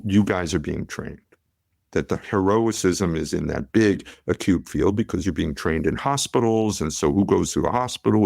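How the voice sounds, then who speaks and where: A middle-aged man telling stories in a podcast conversation, animated, acting out quotes. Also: lowish voice, creaky, no echo, clean studio sound. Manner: animated storyteller, acts out quotes. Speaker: podcast guest, pediatrician. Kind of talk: conversational storytelling.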